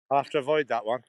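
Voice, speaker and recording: A middle-aged Englishman with a Stoke-on-Trent Potteries accent, dropping his H's, live-streams on a handheld phone while walking a canal path outdoors. He's chatty, rambling, chuckling and restarting phrases as he talks to viewers. His voice is mid-range, with no echo, on a low-quality recording.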